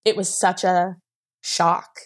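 A woman's voice: on the low side, level tone, takes it slowly. A young woman telling a personal story as a podcast guest. She rambles emotionally, with many fillers, and sounds close to tears at times.

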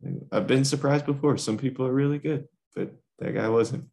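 A man's voice: medium pitch, fairly quick, vocal fry, a little mellow. A young man co-hosting a podcast, casually telling a rambling workplace story with lots of fillers. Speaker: podcast co-host.

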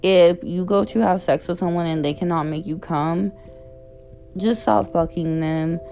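A woman's voice: low voice, a little mellow. A young woman giving candid, blunt advice in a casual chat, with frequent fillers.

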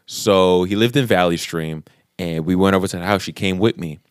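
A man's voice: low-pitched, moderate pace, clear, resonant tone, no echo, clean studio sound. A man in his thirties from the New York area, co-hosting a podcast and telling a long story with swearing and acted-out quotes. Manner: animated, swearing, acts out quotes. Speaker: podcast co-host. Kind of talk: casual storytelling chat.

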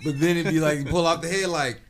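A man's voice: a little high, fairly even intonation, background noise. A man hosting a morning radio show, chatting casually with a guest and laughing often. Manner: laughs a lot, drawn-out reactions. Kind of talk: casual chat.

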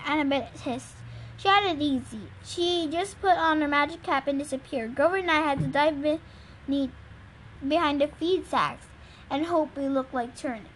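High-voiced woman reading a novel aloud. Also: moderate pace, fairly bright tone, slight background noise. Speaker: reader.

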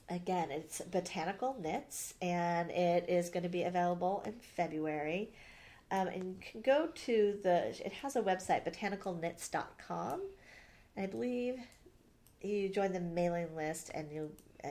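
Lady podcast host, lowish gravelly voice, chatty, keeps trailing off and restarting. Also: measured pace, mellow. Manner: chatty and rambling, many ums and restarts. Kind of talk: casual chat.

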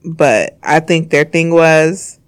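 A podcast co-host in casual chat, wry and opinionated, with quick quips. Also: mid-range voice, smooth, no room sound, studio quality.

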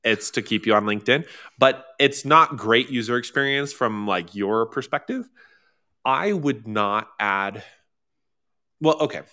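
A man hosting a casual online workshop, talking in a chatty, animated way with fillers, restarts and sudden high exclamations. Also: unhurried. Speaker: workshop host.

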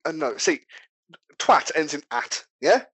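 A young man with a British accent riffs in deadpan, mock-outraged banter. His voice sits a little high. The sound is dry and close, with no room around it. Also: unhurried, husky, no echo. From Britain. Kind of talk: casual banter.

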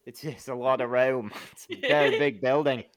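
A man's voice: mid-range voice, steady tone, normal speed, no room sound. A man co-hosting a casual comedy podcast, joking around and trailing off in fillers and restarts. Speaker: podcast co-host.

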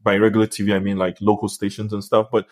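Animated young man telling stories. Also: fairly low pitch, fast talker. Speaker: podcast co-host. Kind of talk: casual chat.

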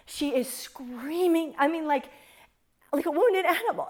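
A woman's voice: high voice, a little slow, a little mellow. A woman in her forties telling a personal testimony to an audience in an earnest, fervent storytelling manner. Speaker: speaker sharing a testimony.

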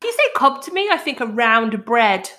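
Woman podcaster, chatty true crime storytelling, a bit high voice. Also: moderate pace. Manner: animated, laughs often, swears casually. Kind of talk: casual storytelling chat.

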